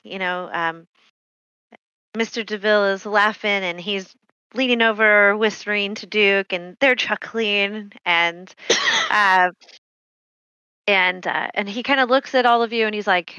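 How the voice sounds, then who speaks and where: A woman narrating a tabletop horror game as game master, unhurried and hesitant with many fillers. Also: mid-range voice, lively intonation, pushed and bright, clean tone, no echo, lo-fi sound.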